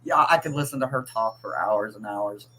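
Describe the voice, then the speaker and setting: A chatty host of a tarot livestream with a mid-pitched voice. They talk loosely, greeting and teasing viewers between laughs. Faint wind chimes tinkle softly behind the voice. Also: normal speed, rough recording. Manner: chatty, teasing, laughs often, reads chat aloud. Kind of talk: casual livestream chat.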